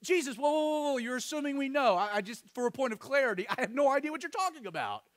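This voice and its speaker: A man's voice: extremely high pitch, voice pushed up. A man voicing a puzzled male disciple who hurriedly presses for clarity during a sermon. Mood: bewildered. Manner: animated, hurried, insistent.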